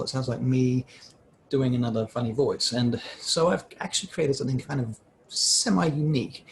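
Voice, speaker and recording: A middle-aged man with a gravelly, fry-edged voice talks through acting tips for tabletop roleplay in a loose, meandering way. He trails off and restarts his thoughts as he goes. A faint hiss sits under the recording. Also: mid-range voice. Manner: rambling, self-interrupting. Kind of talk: casual instructional talk.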